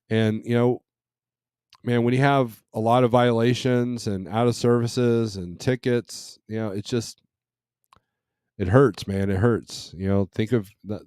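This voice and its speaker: Reading and answering viewers on his trucking live stream, a middle-aged man rambles casually, restarting often and leaning on fillers. His lowish voice is a little mellow and clean, recorded with no echo and clean studio sound.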